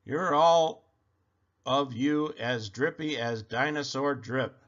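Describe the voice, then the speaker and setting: A man's voice: medium pitch, slow pace, fairly bright tone, lo-fi sound. A man voicing a blustery, scoffing father tyrannosaurus in a storybook. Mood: scornful.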